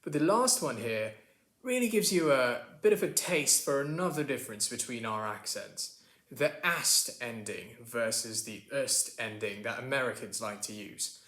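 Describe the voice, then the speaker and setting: Guy putting on his easygoing southern english cousin, a young man saying words over slowly, echoey room. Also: medium pitch, lively intonation, a bit bright, natural voice. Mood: casual. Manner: easygoing, demonstrates words by repeating them slowly. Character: chatty young British man, the narrator's cousin.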